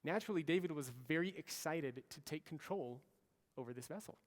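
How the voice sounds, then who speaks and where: A man's voice: a little high, brisk. A man in his thirties giving a storytelling keynote speech, acting out the lines he quotes. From United States. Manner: animated storyteller, acts out quoted orders. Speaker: keynote speaker. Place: large conference hall. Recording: long hall reverb.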